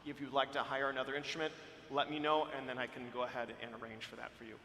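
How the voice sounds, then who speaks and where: A man's voice: mid-range voice, flat delivery, quick pace, sharp tone, a little hiss or hum. A man, a church music director, giving a friendly, rambling live-streamed talk with many fillers and restarts, speaking on a microphone inside a large church. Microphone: handheld or stand microphone. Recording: echoey hall, faint room ambience.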